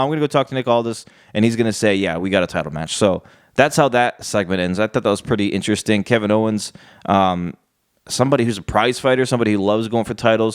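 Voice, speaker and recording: A man's voice: fairly low pitch, smooth, no echo, clean studio sound. A man giving a casual solo wrestling show review, rambling and often repeating words as he recaps.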